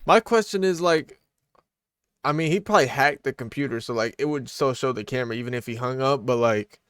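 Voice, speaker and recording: A man's voice: mid-range voice, brisk, a bit bright, clean tone, no echo, studio quality. A young man casually reacting to a video, blunt and profane, often laughing.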